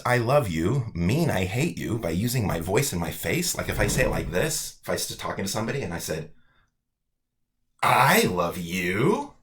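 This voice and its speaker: A male college instructor giving a casual, animated weekly update to his online students. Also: deep voice. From United States.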